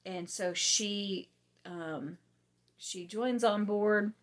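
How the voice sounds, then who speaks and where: A woman hosting a casual book review, chatty and rambling with many ums, her voice going hoarse. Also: mid-range voice, very slow. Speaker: book reviewer, channel host.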